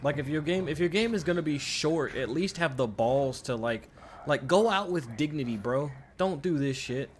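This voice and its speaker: A man's voice: a little high, lively intonation, moderate pace, a little hiss or hum. A man streaming a video game, ranting in frustration with lots of swearing and restarted sentences. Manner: exasperated ranting, heavy swearing; repeats himself, trailing restarts. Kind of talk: live gameplay commentary.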